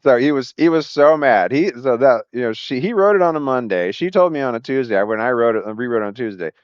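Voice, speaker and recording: A man's voice: medium pitch, fast talker, clean tone, no room sound. A man telling a rambling personal story, restarting his sentences and acting out the people in it. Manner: rambling, animated retelling with acted quotes and frequent restarts. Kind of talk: casual spoken anecdote. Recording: dry, dull lo-fi recording.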